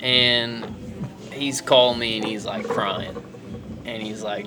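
A man's voice: medium pitch, fairly even intonation, slow pace, over music. A young man co-hosting a casual podcast, telling a crude story with bursts of laughter. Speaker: podcast co-host.

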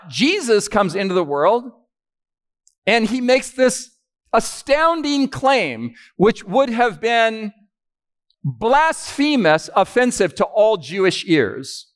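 A man's voice: high-pitched, big pitch swings, takes it slowly. A man preaching a sermon to a live audience, teaching step by step and asking them questions as he goes.

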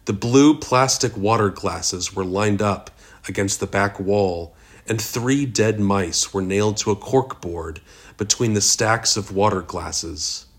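Slow, husky-voiced male narrator. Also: on the low side. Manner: steady, measured reading. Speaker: audiobook narrator. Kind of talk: scripted narration.

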